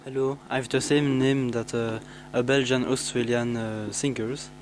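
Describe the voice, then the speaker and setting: Teenage boy, halting speech, plain mid pitch, humming noise in the background. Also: little pitch movement, rough recording. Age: teens. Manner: halting, many restarts and fillers. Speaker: student. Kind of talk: self-introduction to pen pals.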